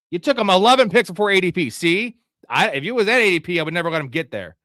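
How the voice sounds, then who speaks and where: A man hosting a live fantasy football stream, reacting to a draft pick by pick with frequent swearing and sudden yelled outbursts. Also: fairly high pitch, lively intonation, quick pace, no room sound, studio quality. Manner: profane, frustrated, outbursts of yelling.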